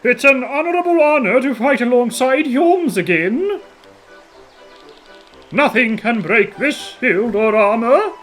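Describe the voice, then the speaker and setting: A man's voice: very high-pitched, lively intonation, a little slow, a bit bright, soft background music, pitched above the performer's own voice, heavily acted, rough recording. A man voicing a stiff, proud bird warrior who speaks in a formal, bombastic way.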